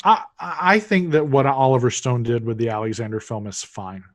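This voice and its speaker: A man's voice: medium pitch, moderate pace, a bit bright, no echo. A man co-hosting a movie podcast, thoughtful and often hesitant, with restarts. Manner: hesitant, stammering, dry, thoughtful. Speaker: podcast co-host. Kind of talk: casual movie chat.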